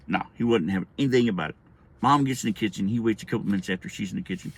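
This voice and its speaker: A man's voice: fairly low pitch, fast, creaky, breathy edge. A middle-aged man telling a childhood story in a casual, rambling, profane way with many restarts.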